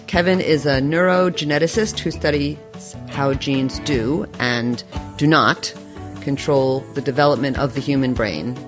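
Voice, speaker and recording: A woman hosting a podcast interview, speaking with enthusiasm and playful humor and laughing often. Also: extremely low pitch. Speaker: podcast host.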